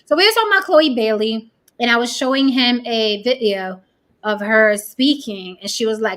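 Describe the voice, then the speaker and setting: A woman hosts a casual podcast, talking bluntly and swearing as she tells a story. Her voice is bright and a little sharp, sitting fairly high. She slips into quoted voices to make her point. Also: normal speed. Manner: blunt, profane, animated storytelling. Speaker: host.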